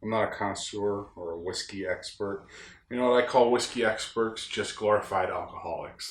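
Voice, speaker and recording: A man's voice: lowish voice, moderate pace. A young man from upstate New York hosting a casual solo podcast, talking in a plain-spoken, rambling, folksy way while recorded in a room on a ranch. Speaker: podcast host. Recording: roomy echo.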